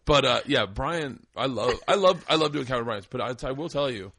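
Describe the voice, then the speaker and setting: A man's voice: medium pitch, lively intonation, fairly quick, fairly bright tone, dry recording. A middle-aged man hosting a casual podcast chat, telling rambling, profane stories and acting out the people in them. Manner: rambling, profane storyteller, acts out quoted voices. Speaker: podcast host.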